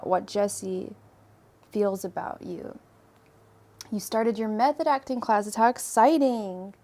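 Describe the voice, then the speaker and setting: This young Irish woman reads tarot on a livestream, rambling casually and greeting viewers by name. Her voice is a little high and a little mellow.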